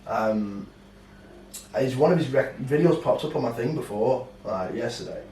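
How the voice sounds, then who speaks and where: A man, co-hosting a podcast in casual, animated chat, swearing and acting out quotes. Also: mid-range voice, moderate pace. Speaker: podcast co-host. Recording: roomy, distant mic with faint noise.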